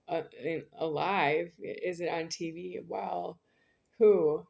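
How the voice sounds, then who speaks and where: A woman's voice: lowish voice, darkish tone. A woman talking in a rambling spoken monologue, insistent and circling back over the same phrases.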